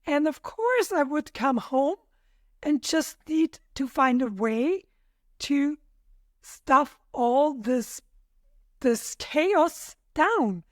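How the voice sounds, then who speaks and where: A woman's voice: high-pitched, animated, very slow, no echo, clean studio sound. A woman, a podcast guest sharing her own experiences in a thoughtful, hesitant way with many fillers. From Austria. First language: German. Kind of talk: reflective personal conversation.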